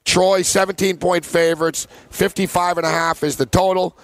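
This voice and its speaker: A man's voice: sits high, fairly even intonation, normal speed, dry recording. A man hosting a sports betting talk show, telling a rambling story with frequent laughs in casual chat.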